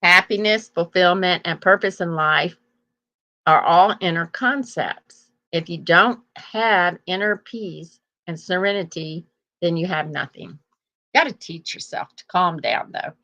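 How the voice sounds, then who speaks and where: A woman's voice: fairly low pitch, unhurried, pushed and bright, lo-fi sound. An older woman hosting a casual live chat, rambling through stories and laughing often. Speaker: host.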